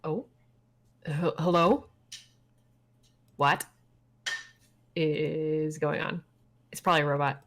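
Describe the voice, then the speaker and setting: A woman's voice: sits low, steady tone, slow pace, long pauses. A woman co-hosting a gaming stream, chatting casually and giggling as she plays. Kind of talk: casual chat and reading game dialogue aloud.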